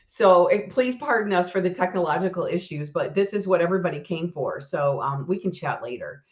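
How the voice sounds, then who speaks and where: A host opening a live segment, speaking in a brisk, apologetic way. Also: medium pitch, expressive, echoey room. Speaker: show host. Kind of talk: hosting a live show. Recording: dull lo-fi sound.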